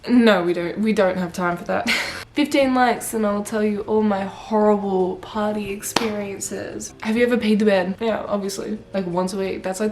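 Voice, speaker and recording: A young woman talks straight to her viewers in a loose, chatty vlog voice. She tells stories with lively energy, peppers them with "like" and swears freely. Her pitch sits in the middle range for a woman. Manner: animated, swearing, chatty with frequent "like". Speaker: vlogger. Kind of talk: casual storytelling vlog.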